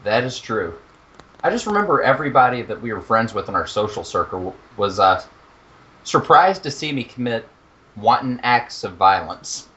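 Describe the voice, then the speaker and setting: A young man talks on a podcast with a lively, swooping voice that jumps up and down as he swears and laughs at his own jokes. His voice sits in a middle register. The sound is a bit dull and lo-fi. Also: medium pitch, moderate pace. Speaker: podcast co-host. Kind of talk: casual podcast chat.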